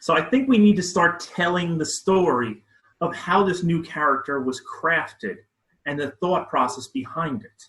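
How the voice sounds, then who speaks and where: A man's voice: fairly high pitch, lively intonation, a little slow, fairly bright tone. Upbeat man in an echoey room. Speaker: co-host. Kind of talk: casual gaming chat.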